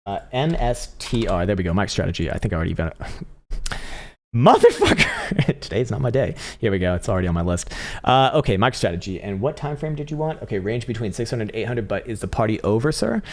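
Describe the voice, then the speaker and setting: Young guy doing live chart analysis, kinda low voice, talks super fast, swears a lot and laughs. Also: expressive, a little mellow. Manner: blunt and profane, with frequent laughs. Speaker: crypto trading livestream host.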